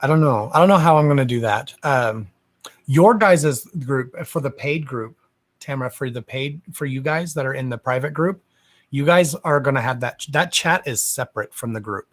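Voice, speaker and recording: A man's voice: medium pitch, normal speed. Sassy man venting on a live stream. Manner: sassy, gossipy venting with cussing, calls viewers darling. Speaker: psychic medium hosting a live stream. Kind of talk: casual live-stream chat with viewers.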